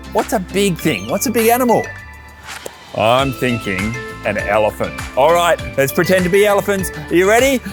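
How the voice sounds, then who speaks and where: A man hosting a children's church show, upbeat and calling out actions to the kids. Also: high voice. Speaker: children's ministry presenter. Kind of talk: energetic kids' show hosting.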